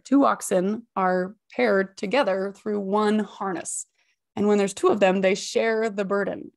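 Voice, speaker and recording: Expressive, gravelly-voiced woman giving self-help advice. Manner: expressive and high-energy, emphatic repetition. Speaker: podcast host and habits coach. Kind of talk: motivational self-help talk.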